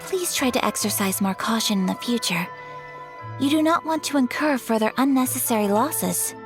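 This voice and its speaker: Formal, courteous game noblewoman voiced by a woman, slightly high voice. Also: expressive, moderate pace, music in the background, close to an everyday voice. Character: poised noblewoman, eldest daughter of a clan. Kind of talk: video game voice acting.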